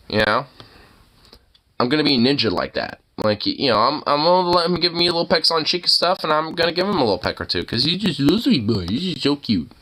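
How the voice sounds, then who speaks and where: Lively, rambling, slangy man. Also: on the high side. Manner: rambling, slangy, swears a lot. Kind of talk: casual reaction commentary.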